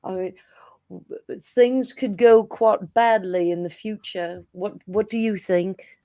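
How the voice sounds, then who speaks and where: A woman's voice: medium pitch, steady tone, takes it slowly, dark tone, no room sound. A woman playing a worried, well-off husband who stammers and hesitates. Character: anxious, rich, fretful husband.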